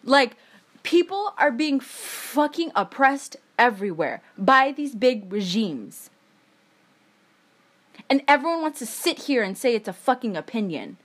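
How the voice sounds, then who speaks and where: A woman's voice: on the high side, big pitch swings, measured pace. A young woman in a heated, emphatic monologue, swearing often as she rants. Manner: angry, swearing, emphatic ranting.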